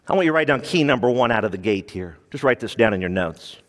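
A man's voice: mid-range voice, lively intonation, fast, big-room sound. A male pastor preaching a sermon in an emphatic, conversational way, often repeating himself as he works through a passage.

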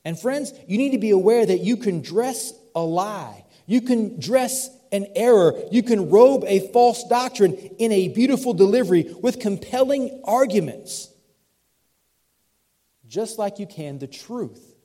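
A man's voice: high voice, animated, unhurried, warm tone. A male pastor with a mixed Southern US accent, preaching a sermon in a church in a conversational way with light asides. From Southern United States. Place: church sanctuary.

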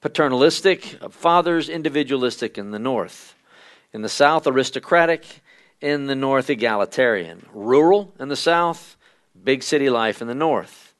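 Guy teaching church history at a midweek service, mid pitch, chatty, lots of ums. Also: lively intonation, normal speed. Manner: conversational, with frequent fillers, reading quotations aloud.

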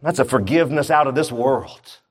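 A man's voice: medium pitch, normal speed. A man preaching a sermon, retelling a Bible story and acting out its characters' voices. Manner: acts out the story's voices with rising excitement. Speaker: pastor.

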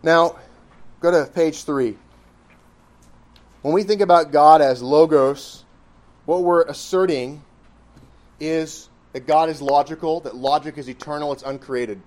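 A man's voice: a little high, measured pace, long pauses, darkish tone. A man preaching a sermon, reasoning through his points step by step with emphasis. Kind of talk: sermon teaching.

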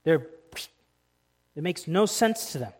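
A man's voice: on the high side, expressive, slow pace. A man preaching a sermon in church as pastor, with emphatic, building stresses. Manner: emphatic, rising to loud stresses.

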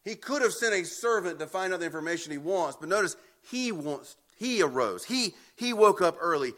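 A man's voice: high voice, expressive, fairly quick, a bit bright. A man preaching an expository sermon, emphatic and often repeating words as he builds a point. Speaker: pastor.

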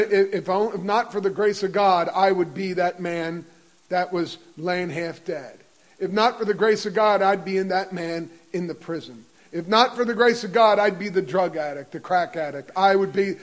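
High-voiced impassioned male preacher. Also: poor audio. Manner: impassioned, builds to near-shouting with quick repetitions. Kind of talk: sermon.

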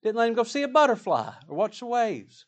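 A man preaching a sermon emphatically, swinging between loud declarations and hushed asides. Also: very high-pitched, wildly swooping pitch, fairly quick.

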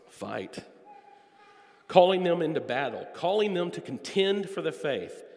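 A male preacher delivering an earnest expository sermon, drawing out key words for emphasis. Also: mid-range voice. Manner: earnest, emphatic, drawn-out stresses. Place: church sanctuary. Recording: long echo of a church hall.

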